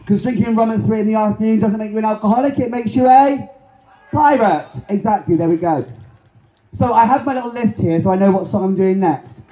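A man performing in drag at a pride event, doing camp, sassy joking banter to the crowd in a hoarse voice. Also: high-pitched, fairly quick. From London. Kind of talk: stage banter between songs. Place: outdoor pride festival stage. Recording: echoey PA over loud music.

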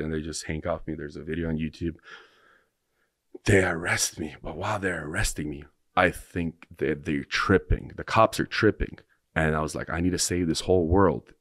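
A man's voice: rumbling low, dry recording, clean studio sound. A young man, a podcast guest, telling a long story in a rambling way, restarting his sentences and swearing freely. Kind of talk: casual storytelling in conversation.

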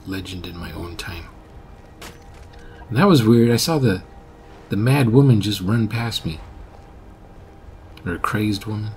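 A man with a fairly low voice talks casually over his game, rambling and correcting himself as he goes. He often drifts into quiet mutters, with faint music beneath him. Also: expressive, unhurried, pauses often. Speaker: gameplay commentator. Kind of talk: casual gameplay commentary.

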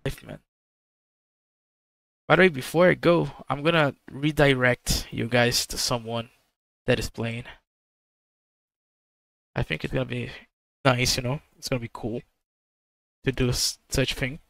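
A man's voice: medium pitch, fairly even intonation, measured pace, gravelly, long pauses, fairly bright tone, dry recording. A man streaming live, casually talking to his viewers in a laid-back way.

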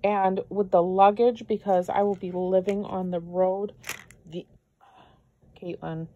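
Gushing woman vlogger, slow and emotional. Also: mid-range voice, fairly even intonation, phone-quality sound, slight background noise. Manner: gushing and effusive, easily moved to tears. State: tearful. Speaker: vlogger opening fan mail. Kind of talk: casual unboxing chat.

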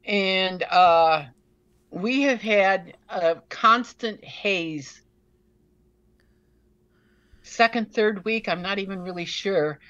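A woman's voice: mid-range voice, extremely slow, pauses often, fairly bright tone, muffled recording. A woman co-hosting a casual spiritual podcast, chatty and self-deprecating, her throat a bit irritated from smoke. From United States. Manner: chatty, self-deprecating, laughs at own stories. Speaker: podcast co-host.

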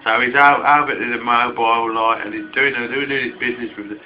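A man's voice: mid-range voice, steady tone, a little fast, faint music behind. Rambling tipsy man at home. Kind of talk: casual chat on home video. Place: home at night. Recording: dull home video, 80s radio playing.

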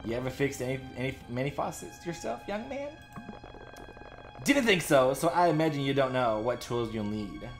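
A gruff old handyman from a horror game, pushy and defensive with a folksy drawl, as a man reads him out. His voice sits at an ordinary middle pitch. Game music plays behind him. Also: very animated, moderate pace.

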